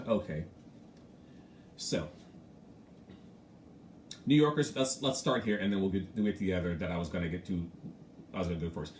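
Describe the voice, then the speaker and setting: A man hosting a casual morning live stream. He talks frankly and with animation, and he greets viewers by name between his thoughts. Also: mid-range voice. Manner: frank and animated, mimics other voices. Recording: echoey room with faint ambient noise.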